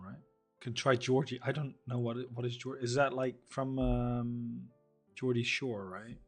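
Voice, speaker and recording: A man co-hosting a casual writing chat, thinking aloud in a halting way and poking fun at his own accent attempts. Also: medium pitch. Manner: self-mocking about his own accents. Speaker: podcast co-host.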